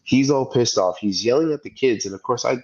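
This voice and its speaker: A man's voice: mid-range voice, a little fast, slightly rough, lo-fi sound. A man in his thirties co-hosting a podcast, telling a story in casual chat and acting out the people in it. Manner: animated storyteller, acts out quoted voices. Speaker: podcast co-host.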